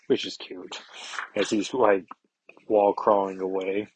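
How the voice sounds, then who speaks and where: A man's voice: low-pitched, level tone, slow, pauses often, a little mellow, breathy edge, dry recording, dull audio. A man hosting a podcast, casually recapping a comic book with wry, chatty asides. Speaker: podcast host.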